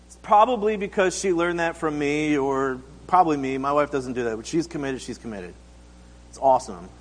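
High-voiced man preaching in a reverberant hall. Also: expressive, a little fast. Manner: casual, acts out quotes, asks the congregation questions. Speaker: pastor. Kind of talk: conversational sermon.

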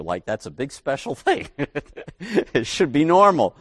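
A man's voice: high-pitched, big pitch swings, moderate pace, fairly bright tone, no room sound, clean studio sound. A middle-aged male pastor preaching a sermon in a folksy, conversational way with asides to the congregation.

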